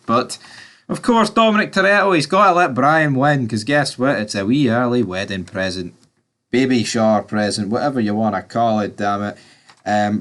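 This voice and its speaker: A man giving a casual, rambling film review, talking straight to his viewers and swearing now and then. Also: medium pitch. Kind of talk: casual movie review vlog.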